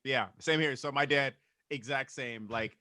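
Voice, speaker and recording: A man's voice: mid-range voice, a little slow, pushed and bright, no echo, studio quality. A man co-hosting a podcast in casual comedic chat, rambling through stories and swearing freely. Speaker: podcast co-host.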